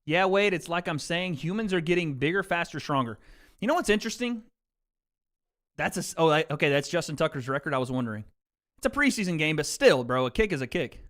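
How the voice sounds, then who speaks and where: A man hosts a laid-back livestream from a home setup, talking straight to his viewers through a desk mic. His voice sits a little high for a man, and his talk is loose and slangy, full of "bro" and "dude.". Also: lively intonation, fairly quick, fairly bright tone. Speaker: livestream host. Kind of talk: casual livestream chat with viewers. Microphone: desk mic with mixer.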